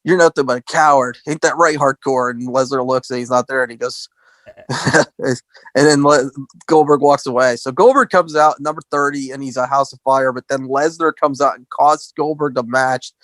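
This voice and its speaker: A man co-hosting a podcast, recapping wrestling history in animated casual chat and acting out quotes in a raised voice. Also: medium pitch, normal speed, no room sound. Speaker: podcast co-host.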